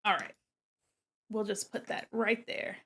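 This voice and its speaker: A young woman art streamer chats casually from home, giggling and talking with her mouth full as she eats, her mic set away from her face. Her medium-pitched voice is fairly bright with a breathy edge, and she speaks at a measured pace.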